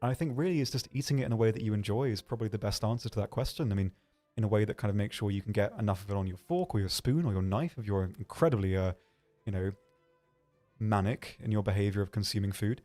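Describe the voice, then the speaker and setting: A man hosting a livestream, answering viewer questions in a hesitant, rambling way with dry, deadpan humor. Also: lowish voice, fast, faint music behind. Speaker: livestream host.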